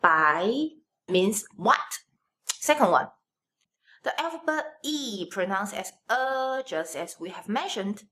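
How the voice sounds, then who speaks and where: A woman teaching Mandarin pronunciation online, demonstrating tones slowly with exaggerated contours. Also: medium pitch, lively intonation, a bit bright. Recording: echoey room, mic at a distance.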